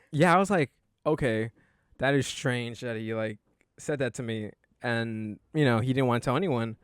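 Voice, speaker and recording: A man's voice: mid-range voice, normal speed, clean tone, dry recording, studio quality. A young man hosting a casual podcast, telling a story in a rambling way full of fillers. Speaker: podcast host.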